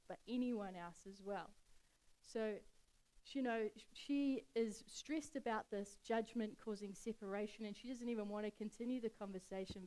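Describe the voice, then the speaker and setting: Warm, smooth-voiced woman telling a Bible story. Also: medium pitch, low-quality recording. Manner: chatty, relaxed storyteller with casual slang. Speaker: church speaker. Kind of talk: casual Bible storytelling talk.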